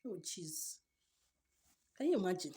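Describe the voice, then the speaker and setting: A woman's voice: lowish voice, big pitch swings, unhurried, noisy background. A woman from Nigeria with a Nigerian accent, ranting dramatically and repeating herself in a vlog at home. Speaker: vlogger. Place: home, indoors by the washing machine. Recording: echoey room, mic far off.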